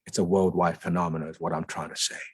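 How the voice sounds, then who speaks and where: Deep, husky man talking emphatically. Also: level tone, quick pace, no echo. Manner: emphatic, repeats words for stress. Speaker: guest speaker. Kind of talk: conversational talk. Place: lounge.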